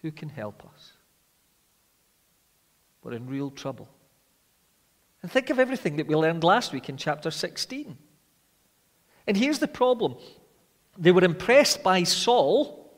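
Preacher in a reverberant hall. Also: male voice, sits high, sing-song, a little slow, long pauses. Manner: dramatic, swings from loud rhetorical questions to quiet intensity. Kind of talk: sermon.

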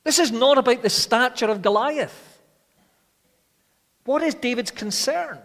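A man preaching a sermon with dramatic rhetorical questions, rising loud and falling quiet. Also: very high voice, measured pace. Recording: long hall reverb.

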